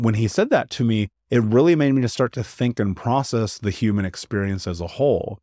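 A man's voice: on the low side, darkish tone, no room sound, clean studio sound. A man who is a podcast guest, telling personal stories in a frank, casual way, often saying "like" and repeating words for emphasis. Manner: frank, conversational, peppered with "like"; emphatic repetition. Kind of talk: candid personal storytelling interview.

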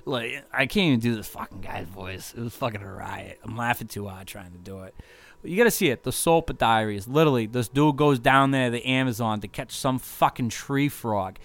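A man recapping his tour days in a loose, wandering ramble, swearing every few words and filling gaps with "uh" and "like". His voice sits at an ordinary middle pitch, unhurried and offhand. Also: vocal fry. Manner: loose, profane, rambling with constant fillers. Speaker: touring musician.

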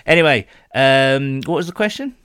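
A man's voice: medium pitch, lively intonation, normal speed, fairly bright tone, smooth, no echo, clean studio sound. A man hosting a podcast in casual chat, rambling and jokey with lots of fillers. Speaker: podcast host.

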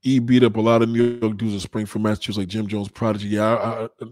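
Young male streamer, loose and profane, lowish voice, dry close sound, rambles to chat. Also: little pitch movement, fast talker, dry recording. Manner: profane, rambling street talk with shout-outs. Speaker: livestream host. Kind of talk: casual livestream chat with viewers.

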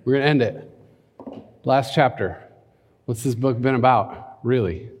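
A man's voice: mid-range voice, measured pace. A man preaching and reading scripture aloud, breaking in with conversational asides and leading a prayer. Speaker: pastor. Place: church hall. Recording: long hall reverb.

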